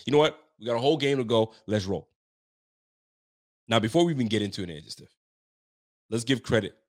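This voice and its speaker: A man's voice: on the high side, a bit bright. A man from Ontario hosting a sports show, venting heatedly after a game with frequent cursing. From Ontario, Canada. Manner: heated, profane, fired-up venting. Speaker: sports podcast host. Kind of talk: postgame rant.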